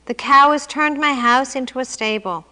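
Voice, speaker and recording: A woman's voice: high-pitched, moderate pace, bright, forceful tone, in a large hall. A woman voicing a desperate poor man who pleads and complains, reading him aloud in a story. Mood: pleading. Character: desperate poor man at his wits' end.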